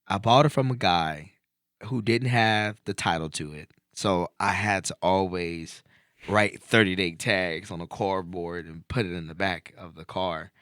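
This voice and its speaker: A man with a low voice hosts a casual podcast chat. He tells a personal story with growing animation. The sound is dry and close. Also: unhurried, no room sound. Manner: animated storyteller, voice climbing when excited. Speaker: podcast host.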